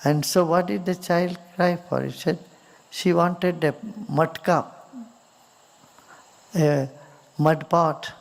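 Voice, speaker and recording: A man with an Indian accent, a spiritual teacher giving a slow, soft-spoken talk with stories, sometimes dropping to near-whispers. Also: fairly high pitch, steady tone, creaky.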